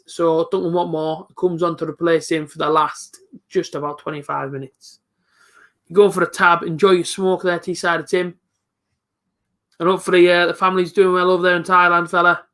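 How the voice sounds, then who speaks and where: A young man giving live football reaction commentary as a fan streamer, chatty and excitable, talking to his viewers as he goes. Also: high voice, a little fast.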